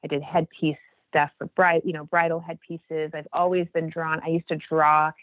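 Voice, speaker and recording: A woman in her forties, a podcast guest, talks earnestly in a casual conversation about faith, rambling with many restarts. Her voice is low with little pitch movement and a normal speed, and the line sounds tinny and phone-like, without echo.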